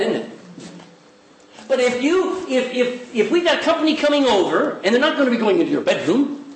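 Animated preacher in an echoey church. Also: male voice, high voice, a little hiss or hum. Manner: animated, mimics people in quick asides. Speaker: pastor. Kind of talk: sermon. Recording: echoey church hall, distant mic.

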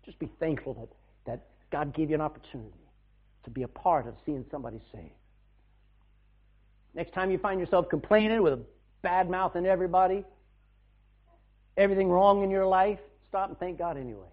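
A man preaching a sermon, telling stories with loud bursts and hushed asides. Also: high voice, a little fast, pauses often. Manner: animated storytelling, shouting bursts and hushed asides. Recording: tinny phone-like sound.

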